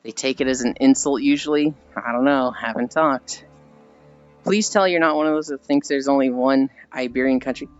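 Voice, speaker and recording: A smooth, medium-pitched voice at normal speed belongs to an American man casually chatting on a live stream. He rambles, reads the chat out loud, and laughs at his own stories; the audio is dull and lo-fi with faint background music.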